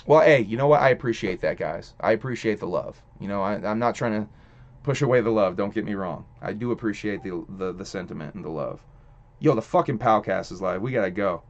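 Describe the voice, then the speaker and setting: A man's voice: fairly low pitch, lively intonation, brisk. A young man hosting a live stream, rambling casually with lots of cursing and loose restarts. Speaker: streamer host. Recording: dull lo-fi stream audio.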